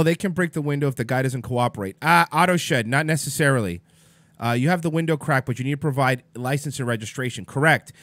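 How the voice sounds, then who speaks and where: On a dry recording, a man with a medium-pitched, fairly bright voice hosts a livestream and vents at his chat. The rant is casual, exasperated and profane, and he addresses viewers by name.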